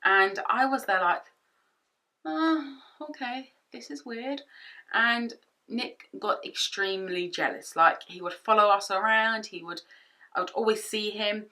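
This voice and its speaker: Bright young woman telling a storytime. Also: medium pitch, normal speed. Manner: chatty, animated retelling with quoted asides. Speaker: vlogger. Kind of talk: storytime vlog. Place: home office. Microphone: camera-mounted shotgun mic.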